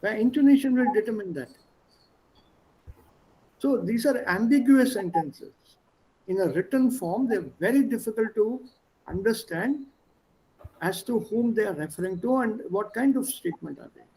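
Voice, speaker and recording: High-voiced man teaching German. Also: animated, moderate pace, a little mellow, low-quality recording. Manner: explanatory, mixes English, German and Hindi. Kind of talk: online language lesson. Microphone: video call.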